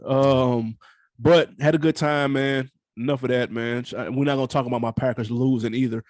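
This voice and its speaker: A man co-hosting a podcast, talking in a relaxed, rambling way with plenty of swearing. His pitch sits in an ordinary middle range. The sound is dry and close-miked. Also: moderate pace, dry recording. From United States. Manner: laid-back, rambling, profane storytelling. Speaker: podcast co-host. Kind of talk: casual podcast chat.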